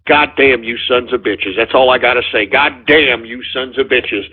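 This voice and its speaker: A radio host taking voicemail calls rants irritably and curses at his callers on a call-in show. He speaks at normal speed in a husky, medium-pitched voice, and the audio sounds tinny and phone-like.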